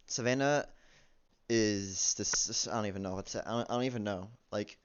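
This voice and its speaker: A man rambles through a casual, profane amateur movie review, halting often and restarting his sentences. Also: lowish voice, fairly even intonation, a little hiss or hum. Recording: dull lo-fi recording.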